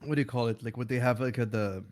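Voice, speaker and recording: A man's voice: medium pitch, quick pace, darkish tone. A man in casual chat, telling a rambling story and laughing often.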